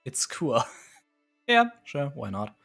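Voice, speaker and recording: A man's voice: medium pitch, huge pitch swings, takes it slowly, vocal fry, fairly bright tone, faint music behind. A man streaming live, casually musing and hesitating as he sets up a strategy game, chuckling often. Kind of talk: casual live gameplay commentary.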